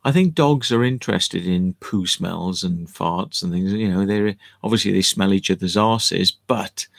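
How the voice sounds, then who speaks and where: A man's voice: low-pitched, measured pace, vocal fry, dry recording. A man chatting casually on a home livestream, rambling and cheeky as he answers viewer comments and swears now and then.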